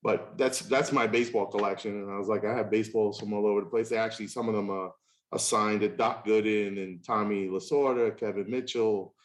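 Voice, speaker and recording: A man in his fifties, a podcast host, telling stories in casual chat and acting out the voices of people he quotes. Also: fairly quick. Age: 50s. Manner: animated, acts out quoted voices with big pitch jumps.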